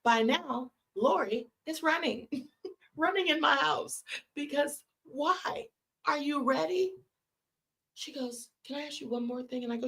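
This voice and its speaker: A woman's voice: high-pitched, unhurried, gravelly, a bit bright. A woman from California hosting a late-night live stream, telling a story in a conversational way and calling her listeners "y'all". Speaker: host.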